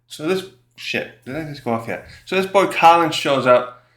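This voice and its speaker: Man, a touch high-voiced, chatty reviewer who trails off and restarts a lot, recorded in a roomy, echoey space. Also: animated, normal speed, fairly bright tone. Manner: rambling, many fillers and self-corrections; laughs often while recapping. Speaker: manga chapter reviewer. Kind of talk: casual chat. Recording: roomy echo.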